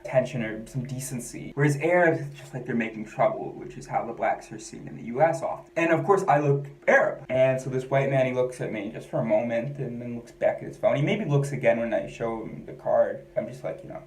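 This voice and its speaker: A man's voice: mid-range voice, fairly quick, hardly any pauses. A man from the United States telling a personal story in a rambling, candid, self-questioning way. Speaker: vlogger. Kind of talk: personal monologue. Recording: echoey room.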